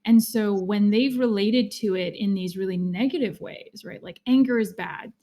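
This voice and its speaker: A woman who works as a therapist, chatting on a podcast in a soft-spoken, empathetic way. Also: mid-range voice, moderate pace. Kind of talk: casual podcast chat.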